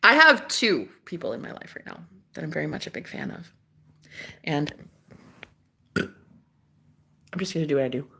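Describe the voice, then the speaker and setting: Woman live streamer, bright sharp voice, dramatic, gushing, loud then hushed. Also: low voice, very animated, normal speed, pauses often, breathy edge. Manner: dramatic, gushing, swings between loud exclamations and hushed asides. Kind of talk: casual live-stream chat.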